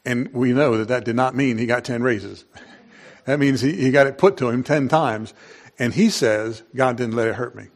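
A male pastor preaching a sermon in an unhurried, conversational way, with frequent fillers and restarts. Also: medium pitch.

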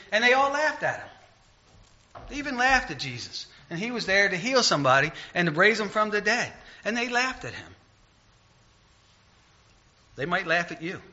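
A male preacher speaks in a loose, conversational way and turns loud and emphatic as he retells stories. His voice is fairly high and very bright. The recording sounds dull and lo-fi. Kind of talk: informal sermon.

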